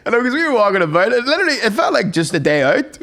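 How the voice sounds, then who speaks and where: A man, co-hosting a podcast in casual chat, telling stories with frequent laughter and quick impressions of others. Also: very high-pitched, sing-song, fairly bright tone. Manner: storytelling, laughing often, mimicking others in quotes. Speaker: podcast co-host.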